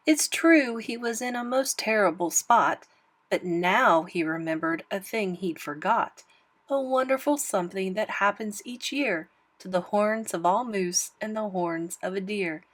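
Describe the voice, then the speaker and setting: A woman reading a rhyming picture book aloud in an expressive, sing-song manner. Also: medium pitch. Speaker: storybook reader.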